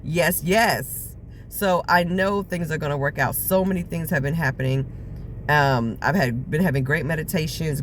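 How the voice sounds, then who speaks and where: A woman's voice: rumbling low, background noise. A woman vlogger telling her own story in a personal video diary, earnest and reflective, with frequent fillers.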